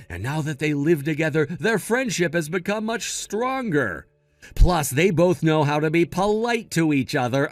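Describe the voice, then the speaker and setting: A man's voice: fairly high pitch, dry recording. A man narrating a text-message story in a blunt, scolding tone. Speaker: narrator voicing text chat.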